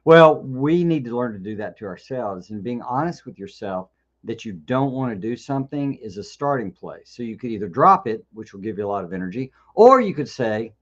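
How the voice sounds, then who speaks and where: A man's voice: mid-range voice, animated, a little fast, highs cut off. A man hosting a live question-and-answer session, talking in a loose conversational way with frequent restarts and repeated words. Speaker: host. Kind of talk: live Q&A talk.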